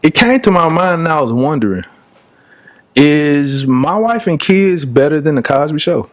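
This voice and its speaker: A man's voice: fairly high pitch, moderate pace. Guy cohosting a podcast, joking around with his buddy, voice bouncing all over, laughs a lot. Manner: animated, laughs often, teasing. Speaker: podcast co-host. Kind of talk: casual chat.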